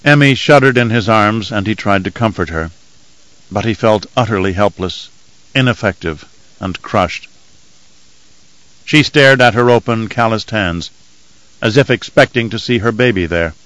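A man narrating an audiobook in a steady, measured storytelling manner. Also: fairly low pitch, no echo, low-quality recording. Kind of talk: scripted narration.

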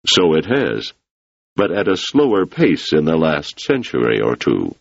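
A man reading the part of an ambitious, forceful male politician who talks in an urging, insistent way. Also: extremely low pitch, wildly swooping pitch, measured pace, creaky, dry recording, highs cut off, exaggerated voice.

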